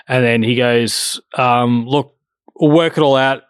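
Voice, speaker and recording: A man's voice: medium pitch, steady tone, moderate pace, smooth, no room sound, studio quality. A man telling a story in casual chat, swearing freely and acting out both sides of the conversation.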